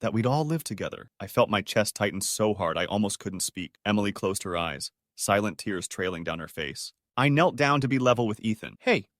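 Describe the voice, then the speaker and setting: A man's voice: fairly low pitch, moderate pace, few pauses, a bit bright, no echo, clean studio sound. A man narrating a dramatic first-person story in a scripted, emotional read.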